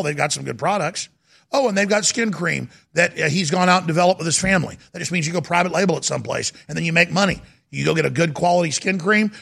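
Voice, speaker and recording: A middle-aged man with a high, gravelly, bright voice rants through a political talk show monologue. He mocks and jeers, pushing his voice up toward a shout. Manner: ranting, mocking, raises voice to a shout.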